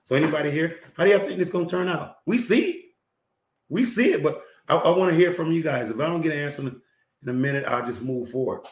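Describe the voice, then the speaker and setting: A male talk show host giving emphatic, preachy relationship advice, repeating phrases and often clearing his throat. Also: on the high side, animated, fast, roomy sound.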